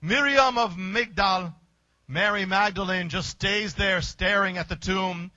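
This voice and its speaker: A man preacher with a high, bright, forceful voice tells a story in short, emphatic bursts. The sound is dry and close, with a dull, lo-fi tone. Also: measured pace, no echo. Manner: vivid, emphatic retelling in short punchy phrases. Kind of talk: dramatic sermon storytelling.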